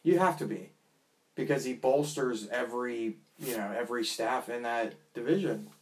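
A man's voice: mid-range voice, normal speed. Easygoing man in sports banter. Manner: conversational, asks for agreement with "right?". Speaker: podcast co-host. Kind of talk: casual sports chat.

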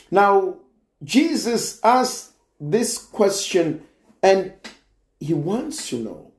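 A man preaching a sermon as a priest, slow and deliberate, with emphatic rises on key words. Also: fairly high pitch, animated, darkish tone, roomy sound.

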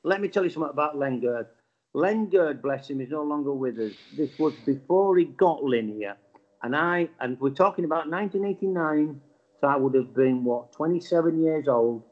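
Speaking on the high side at a moderate pace, a man in his fifties from Bradford, England, tells a laid-back anecdote in a West Yorkshire accent. He brings it to life by acting out the quotes, with a bit of swearing thrown in. The audio is dull and lo-fi.

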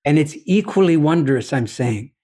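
A man speaking as a podcast guest, talking in a deliberate, philosophical way and telling stories, often checking in with "you see?". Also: fairly high pitch, expressive, mellow. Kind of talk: reflective conversational storytelling.

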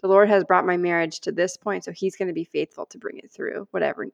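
A woman co-hosting a podcast, telling a personal story in an animated, earnest way and acting out the lines she quotes. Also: fairly low pitch, quick pace, creaky, dull audio. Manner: animated storyteller, acts out quoted prayers and dialogue; earnest and heartfelt. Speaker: podcast co-host.

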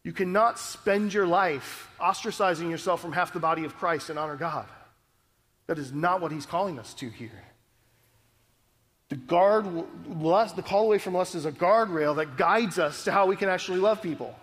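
A male pastor whose voice sits high and a bit bright speaks at normal speed, a long reverb tail trailing his words. His earnest, conversational sermon keeps turning to the congregation with frequent "right?" asides.

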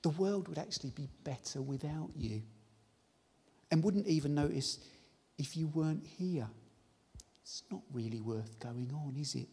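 A man's voice: fairly high pitch, animated, unhurried, slightly rough, in a large hall, full character voice. Man whispering as a sly, taunting devil. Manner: hushed, taunting, insinuating.

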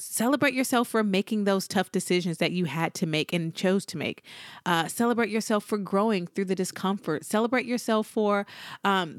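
A woman hosting a solo motivational podcast, talking in an encouraging way and slowing down to stress her points. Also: medium pitch, dry recording, studio quality. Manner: encouraging, slows down for emphasis. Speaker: podcast host.

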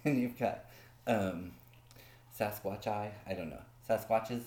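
A woman co-hosting a casual podcast, playful and quick to jump in with jokes and bits. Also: extremely low pitch, darkish tone, echoey room. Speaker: podcast co-host. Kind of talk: casual chat.

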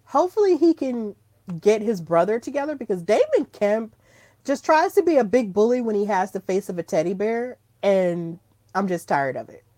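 Excitable, gushing woman podcast host. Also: mid-range voice, normal speed, no room sound. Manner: excitable, gushing, squeals when thrilled. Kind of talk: casual solo podcast chat.

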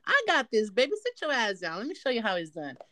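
A woman co-hosting a casual chat, talking in a bold, teasing, playful way. Her voice sits a bit high. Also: very animated, fast talker, noisy background. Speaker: podcast co-host.

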